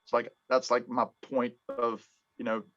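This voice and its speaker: Halting man, dull lo-fi sound. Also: mid-range voice, monotone. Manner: halting, full of ums and restarts. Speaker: podcast host. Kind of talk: casual music chat.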